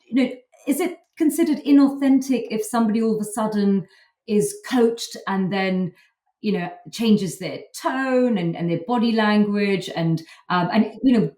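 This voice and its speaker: A woman's voice: medium pitch, moderate pace, dark tone. A woman hosting a podcast interview, asking questions in a chatty way as she thinks aloud. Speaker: podcast host. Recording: echoey room, distant mic.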